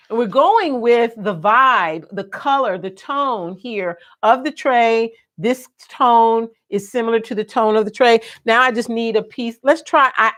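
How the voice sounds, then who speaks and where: A woman hosting a home decor video, chatting playfully and expressively as she demonstrates. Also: on the high side. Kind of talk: casual live demo.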